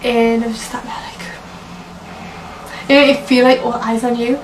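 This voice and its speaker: Young woman vlogger with a high voice, chatty and emotional personal telling; roomy, distant recording. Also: flat delivery, moderate pace, a little hiss or hum. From Britain. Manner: chatty, emotional, many fillers like "like" and "you know". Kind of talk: personal story told to camera. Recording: echoey room, mic at a distance.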